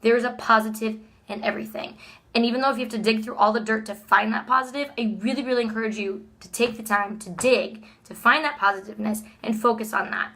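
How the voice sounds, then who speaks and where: Bright, upbeat woman in her thirties. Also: on the high side, fairly even intonation, quick pace. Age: 30s. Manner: earnest and upbeat, with frequent "like" and laughter. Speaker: vlogger. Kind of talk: motivational vlog talk.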